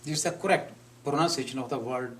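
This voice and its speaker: A man teaching a live class, who speaks deliberately and repeats words to model how they are pronounced. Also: medium pitch, recorded from a distance, noisy background. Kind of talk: live classroom lecture on pronunciation.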